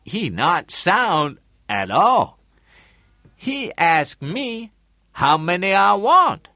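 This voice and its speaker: A man's voice: high voice, very animated, drawn-out words, pushed and bright, no echo, studio quality, voice pushed up, full character voice. A man voicing a streetwise male friend who talks in terse broken English. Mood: matter-of-fact. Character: streetwise male friend, agreeable, small-time fixer.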